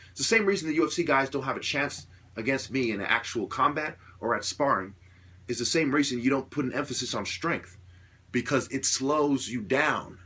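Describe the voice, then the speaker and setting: Husky, bright-voiced man lecturing hard. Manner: lecturing, repetitive rhetorical questions, swears; grows louder and higher when worked up. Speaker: self-styled martial artist ranting to camera. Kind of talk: opinionated monologue.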